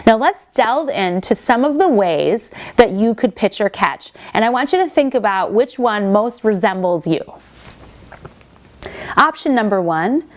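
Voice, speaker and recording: Woman speaker, earnest and explanatory, slightly high voice, inspirational talk. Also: a little mellow.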